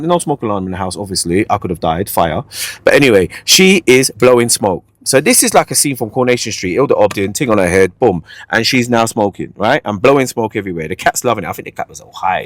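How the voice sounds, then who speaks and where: A man hosting a podcast, telling a dating story in a playful, animated way and repeating his own catchphrases. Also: medium pitch, a little fast, no room sound. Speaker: podcast host. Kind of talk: casual storytelling chat.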